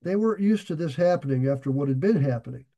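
A man's voice: a little high, expressive, fast talker, mellow. A middle-aged man preaching, reading scripture aloud and paraphrasing it in plain everyday words. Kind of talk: Bible teaching sermon.

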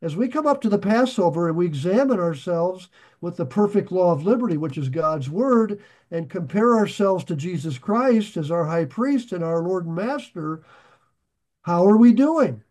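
A man preaching a sermon, reading scripture slowly and pausing to ask his listeners questions. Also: sits high, animated, a little mellow. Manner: slow, deliberate, asks the listeners questions. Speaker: pastor.

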